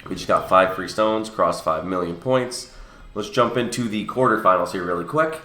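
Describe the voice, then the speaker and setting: A deep-voiced young man with a sniffly cold talks through a mobile game in a casual, explanatory way, often correcting himself mid-sentence. His tone is bright and forceful despite the low pitch. The room sounds echoey, with faint music playing underneath. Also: expressive, normal speed. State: sick and sniffly. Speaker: gaming channel host. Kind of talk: casual game walkthrough commentary.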